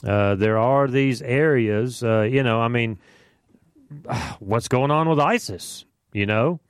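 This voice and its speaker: Smooth-voiced man teaching Bible study. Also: medium pitch, slow, no room sound, studio quality. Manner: conversational, with fillers and asides.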